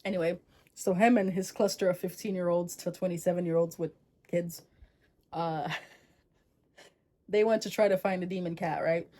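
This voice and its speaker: A woman's voice: fairly low pitch, fairly even intonation, moderate pace, long pauses, warm tone. A woman vlogger retelling a folktale in a chatty, slangy, digressive way. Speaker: storyteller vlogger.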